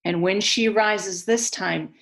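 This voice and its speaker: A woman storyteller recounting an ancient myth in a slow, hushed, incantatory way. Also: medium pitch, gravelly. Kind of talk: mythic storytelling.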